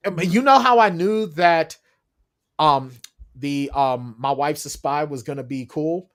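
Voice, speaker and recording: A man's voice: a little high, measured pace. A man on a video call as an author guest in casual chat, telling stories with energy and acting out the people he quotes. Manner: animated storyteller, acts out quotes.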